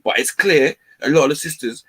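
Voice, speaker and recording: A man, chatting fast and loosely in casual panel banter, slangy and animated. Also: a little high, breathy edge.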